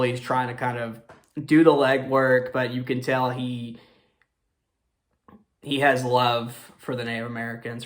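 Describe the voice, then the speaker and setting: A young man hosting a casual movie review, talking in a rambling way with many fillers and apologetic self-corrections. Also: medium pitch.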